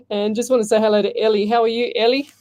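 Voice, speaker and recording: Mellow-voiced woman radio host. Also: fairly high pitch, slight background noise. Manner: chatty, rambling, many fillers and restarts. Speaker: radio host and psychic medium. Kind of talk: live radio call-in chat. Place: radio studio. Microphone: headset.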